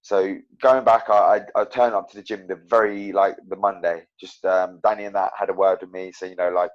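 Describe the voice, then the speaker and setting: Low-voiced man, rambling on a muffled line. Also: fairly quick. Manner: rambling, full of fillers and restarts, animated storytelling. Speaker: professional MMA fighter, guest. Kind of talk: casual interview chat. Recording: dull lo-fi podcast audio.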